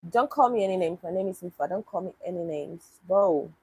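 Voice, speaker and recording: A woman's voice: fairly low pitch, animated, brisk, dark tone, slightly rough, no room sound, low-quality recording. A woman from Nigeria, chatting casually on a livestream and answering viewers' questions with wry disbelief. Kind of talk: casual livestream chat reading comments.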